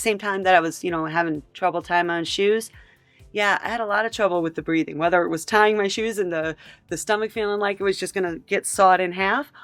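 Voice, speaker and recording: A woman's voice: on the low side, fairly bright tone, dry recording. A woman hosting a reaction video, talking in an exasperated, incredulous and emphatic way. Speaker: commentary host. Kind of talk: reaction commentary.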